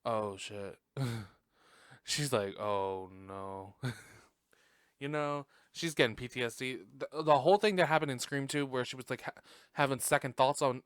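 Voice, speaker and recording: A man hosts a casual podcast, reacting to a movie in a sassy, profane way and laughing often. His voice is smooth and resonant, recorded dry and close with no room sound. His pitch sits in the middle for a man. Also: a bit bright, dry recording. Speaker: podcast host.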